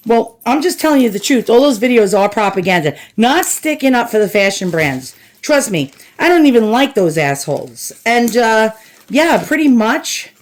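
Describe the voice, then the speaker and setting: A woman's voice: fairly high pitch, sing-song, normal speed, few pauses. Blunt, profane woman ranting. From United States. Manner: blunt and profane, addresses viewers as "boys and girls". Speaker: shopping vlogger. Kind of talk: casual ranting chat to camera.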